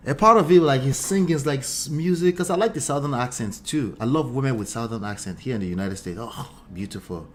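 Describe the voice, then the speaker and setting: A Nigerian relationship coach and host delivers animated commentary, exclamatory and teasing, with lots of rhetorical asides. His voice is medium-pitched and fairly quick.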